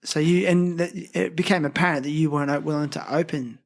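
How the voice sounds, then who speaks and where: A woman's voice: low voice, fairly even intonation, fast talker. A woman hosting a conversational interview, asking reflective follow-up questions and encouraging her guest. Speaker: podcast host.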